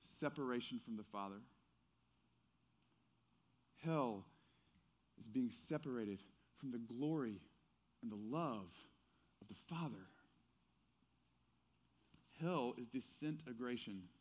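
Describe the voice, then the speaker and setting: A man preaching a sermon, swinging from hushed, intimate lines to loud, urgent ones. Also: mid-range voice, lively intonation, takes it slowly, pauses often. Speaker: pastor.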